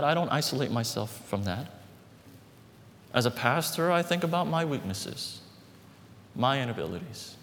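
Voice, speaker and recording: A man preaching a sermon as pastor, emphatic, repeating phrases and slowing down on key words. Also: on the high side, a bit bright. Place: church hall. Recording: reverberant hall with faint background noise.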